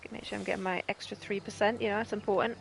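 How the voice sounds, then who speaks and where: A woman's voice: mid-range voice, level tone, very fast, creaky, soft background music. A Northern English woman giving casual, self-amused commentary while playing a game. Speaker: gaming streamer.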